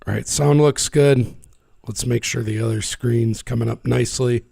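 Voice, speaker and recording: A man with a raspy, hoarse voice from being sick, hosting a casual livestream and talking through market charts. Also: mid-range voice, fairly even intonation, unhurried, warm tone. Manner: conversational, talks through charts. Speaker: livestream host.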